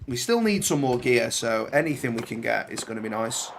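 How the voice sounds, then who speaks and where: A man's voice: mid-range voice, expressive, a little fast, vocal fry, a little hiss or hum. A man commentating his own game playthrough, chatty and bantering as he swears at the soldiers on screen. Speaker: gaming channel host. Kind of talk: let's play commentary.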